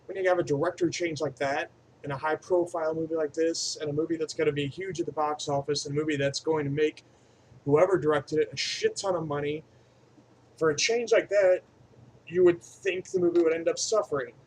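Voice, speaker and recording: A man with a slightly high voice reviews a movie off the cuff, rambling and profane. His delivery lurches from eager, loud enthusiasm to quiet, muttered asides. A faint background hum sits under his voice. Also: steady tone, fairly quick, poor audio. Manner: enthusiastic, swinging between loud bursts and mumbled asides.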